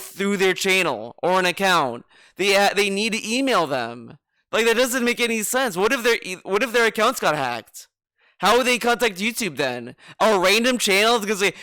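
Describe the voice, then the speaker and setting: A sarcastic man talks through his reaction in a rambling, casual way. His voice sits high, bright and crisp. He keeps repeating himself as he argues each point. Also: dry recording, clean studio sound. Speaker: streamer reacting to a video.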